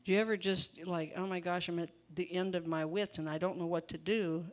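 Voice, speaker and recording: An older woman with a somewhat low voice delivers a relaxed sermon. She talks in a homey, conversational way, full of asides and easy laughter. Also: brisk. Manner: chatty, laughing, folksy asides. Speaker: preacher. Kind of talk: informal sermon.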